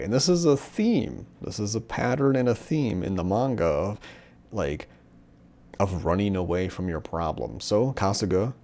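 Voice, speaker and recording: A man's voice: fairly low pitch, a little mellow. A young man casually talking through a manga plot, rambling with lots of fillers and acting out the characters' lines now and then. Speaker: manga reviewer. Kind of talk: casual solo discussion.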